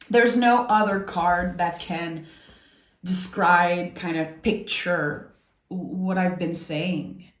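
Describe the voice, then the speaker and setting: Slow, reflective woman tarot reader. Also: on the low side. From Québec. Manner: reflective, meandering, gently encouraging. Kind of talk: intuitive tarot reading. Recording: echoey room.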